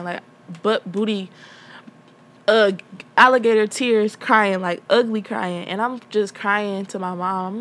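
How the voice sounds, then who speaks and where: A woman's voice: mid-range voice, fairly even intonation, unhurried. A young adult woman hosting a podcast from home, talking candidly and rambling with many fillers. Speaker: podcast host. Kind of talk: casual personal talk.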